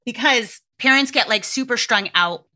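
A middle-aged woman hosts a parenting podcast in a loose, candid monologue, swearing freely as she goes. Her voice is bright and pitched a little high, with a forward, lively edge. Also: normal speed.

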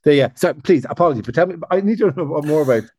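Irish guy on a podcast, kinda high voice, wry jokey rambling. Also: lively intonation, fast talker, a little mellow, dry recording. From Ireland. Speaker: comedian guest. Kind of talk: casual comedic chat.

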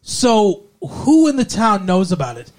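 A man's voice: high-pitched, wildly swooping pitch, measured pace. A man co-hosting a podcast, talking in a casual recap chat with profane, sarcastic and exaggerated remarks. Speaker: podcast co-host.

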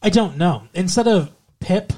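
A man's voice: high voice, animated, unhurried, warm tone. Podcast co-host, male, casual, jokey and teasing. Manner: joking, teasing, puts on silly accents. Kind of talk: casual chat.

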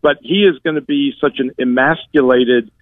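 A man calling in as a political analyst, measured and thoughtful with frequent fillers, heard over a tinny phone line. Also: mid-range voice, no room sound.

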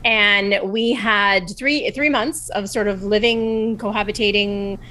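A woman in casual conversation as a podcast guest, telling a personal story in a chatty, animated way full of fillers. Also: medium pitch, takes it slowly, a little hiss or hum, poor audio. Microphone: video call.

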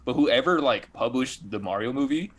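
A man co-hosting a gaming podcast, chatting casually in a blunt, animated way and swearing freely. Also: medium pitch, normal speed. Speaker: podcast co-host. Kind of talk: casual chat.

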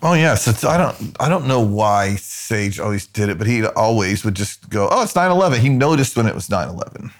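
Lower-voiced man hosting an interview. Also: animated, normal speed, few pauses. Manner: rambling, with repeated restarts. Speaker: host. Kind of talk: casual interview chat.

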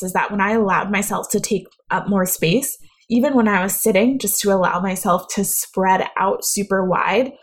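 Woman coaching you on how to talk, chatty and direct, average pitch, just talking straight to the listener. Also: husky. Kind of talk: instructional talk.

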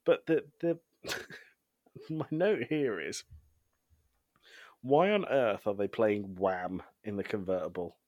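A man co-hosting a podcast, casually recapping a TV episode with frequent ums and quick laughs. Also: on the low side, a little mellow, no echo. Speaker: podcast co-host.

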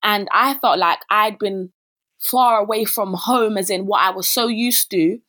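A woman's voice: medium pitch, measured pace, bright, forceful tone. A young woman, a podcast guest talking casually and full of fillers, acting out her own past remarks as she tells her story. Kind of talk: casual interview chat.

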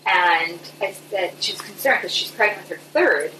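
A woman's voice: medium pitch, lively intonation, pushed and bright, recorded from a distance. Conversational woman host in an echoey room. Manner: engaged, conversational, quick to react. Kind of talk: casual interview conversation. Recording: echoey room, faint background noise.

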